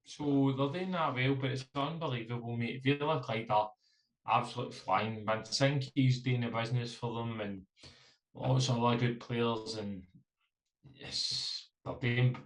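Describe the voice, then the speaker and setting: A man's voice: mid-range voice, echoey room, recorded from a distance. A Scottish man co-hosting a casual football podcast, joking around, swearing and calling everyone mate. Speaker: co-host.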